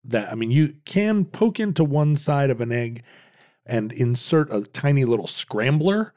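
A man in his fifties co-hosting a casual podcast, explaining at length in halting restarts with wry asides. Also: medium pitch, expressive, a little mellow. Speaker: podcast co-host.

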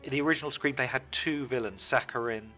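Man, interview guest, bright tense voice, animated, joking. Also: medium pitch, fast talker, soft background music. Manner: animated, jokey storyteller. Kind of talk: casual interview chat.

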